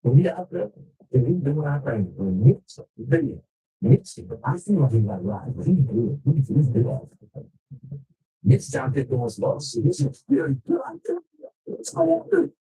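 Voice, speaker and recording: Very dark-voiced man telling a rambling story. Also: medium pitch, wildly swooping pitch, a little slow, low-quality recording. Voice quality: loose, slangy street talk with frequent swearing.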